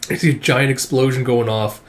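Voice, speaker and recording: A man hosting his own channel, chatting loosely through a comic chapter at a mid pitch. He stumbles along with frequent "uh" fillers and breaks into small chuckles, relaxed and unhurried. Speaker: manga reaction channel host. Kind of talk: casual read-through commentary.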